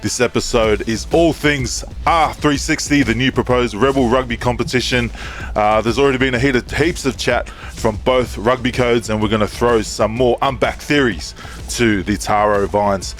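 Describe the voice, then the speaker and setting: A man's voice: medium pitch, moderate pace, faint music behind. A man hosting a casual rugby podcast, reading out facts with fillers and restarts. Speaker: podcast host. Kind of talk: casual sports chat.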